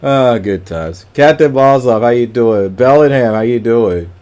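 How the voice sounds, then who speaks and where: A man's voice: medium pitch, expressive, measured pace, darkish tone. A man chatting casually on a livestream, greeting viewers by name and rambling with lots of fillers.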